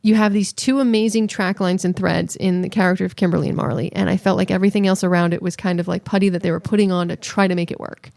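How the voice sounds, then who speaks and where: A woman's voice: lowish voice, steady tone, quick pace, creaky, hardly any pauses, darkish tone, dry recording. A woman co-hosting a podcast, chatting casually and acting out little quoted voices as she tells stories. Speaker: podcast co-host. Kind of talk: casual chat.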